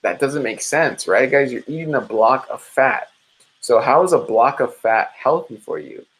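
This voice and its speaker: A young man speaking as a dietitian on a live stream, his voice sitting at an ordinary middle pitch. He talks in an excited, chatty way and keeps turning to the audience with "guys" and "okay?". Now and then he jumps into playful quoted asides. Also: normal speed, poor audio. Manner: energetic, chatty, addresses viewers as "guys"; mimics listeners in animated quoted asides. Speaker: dietitian hosting a live support session. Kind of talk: casual live-stream advice talk.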